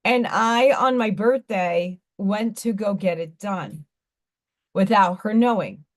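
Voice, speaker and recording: A woman's voice: medium pitch, slow pace. A woman hosting a live stream, telling stories in a rambling, candid, blunt way. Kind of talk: casual chat.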